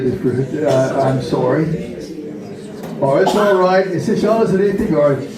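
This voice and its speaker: A slow, deliberate man leads a language class, saying each word twice over. His voice sits a little high and comes from across an echoey room, with a group of people murmuring nearby. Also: recorded from a distance, a crowd in the background. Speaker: language teacher. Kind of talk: teaching vocabulary to a class. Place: community meeting room. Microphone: far camera.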